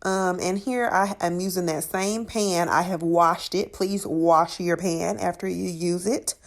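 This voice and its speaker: A woman with a lowish voice and a steady, slightly slow delivery hosts a cooking channel. In a sassy, chatty voice-over she walks through her recipe, calling viewers honey and child.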